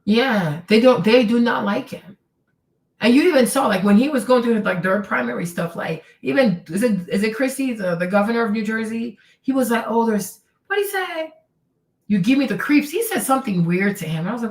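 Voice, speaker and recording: A woman's voice: a little high, animated, a little fast, distant mic. Heated, sarcastic woman ranting in a roomy room. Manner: heated, sarcastic, profane, mimics others in quotes. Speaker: streamer host. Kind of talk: casual ranting commentary.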